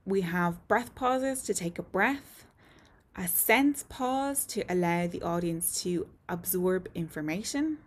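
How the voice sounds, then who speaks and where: A woman teaching a lesson to camera, explaining points clearly and methodically with frequent ums. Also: lowish voice, animated, slow pace. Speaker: voice and speech teacher.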